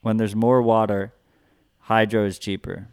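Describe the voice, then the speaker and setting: A man's voice: fairly low pitch, flat delivery, unhurried, darkish tone, clean tone. A man co-hosting a podcast, explaining tech in a loose, casual way with lots of "like". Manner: loose and casual, heavy on fillers like "like". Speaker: podcast co-host.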